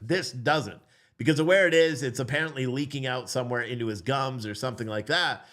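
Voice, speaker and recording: A man who is a father, telling a story in a casual, animated way, blunt and swearing, acting out the voices in it. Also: medium pitch, a little fast. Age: adult father. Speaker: vlogger.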